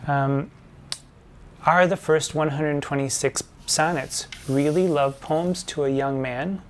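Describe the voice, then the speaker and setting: A man hosting a lesson and explaining things in a measured, didactic way, slowing down to spell out patterns. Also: on the high side, fairly even intonation, slight background noise. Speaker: drag performer hosting a poetry lesson.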